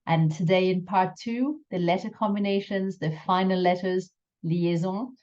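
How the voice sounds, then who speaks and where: Female language teacher, slow and deliberate delivery, lowish voice, dull lo-fi recording. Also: fairly even intonation, darkish tone. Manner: slow, careful explanations with drawn-out French examples. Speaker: French teacher. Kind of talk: recorded pronunciation lesson.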